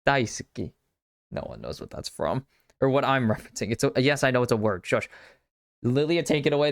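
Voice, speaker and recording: A man's voice: mid-range voice, a bit bright, no room sound, clean studio sound. Chatty American man casting esports solo. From United States. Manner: chatty, self-deprecating, muttering asides. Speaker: esports caster. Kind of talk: solo live esports draft commentary.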